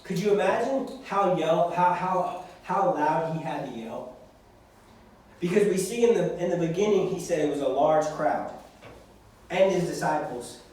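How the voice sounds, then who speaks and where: A man's voice: a little high, a little slow, a little mellow. A young man preaching a sermon to young people, acting out prayers as he speaks. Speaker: youth pastor. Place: church hall. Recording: echoey hall from far off.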